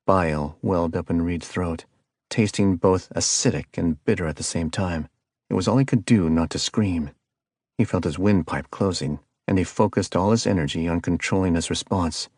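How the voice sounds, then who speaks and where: A man narrating a thriller audiobook in a steady, measured way. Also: deep voice, breathy edge, dry recording, studio quality. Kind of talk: scripted narration.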